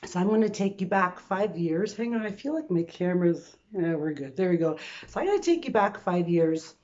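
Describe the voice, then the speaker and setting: A woman's voice: fairly low pitch, animated, brisk, darkish tone, dull audio. A woman in her sixties from Canada, telling a personal story to camera in a chatty way, full of fillers and restarts, from her bedroom. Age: 60s. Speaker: vlogger.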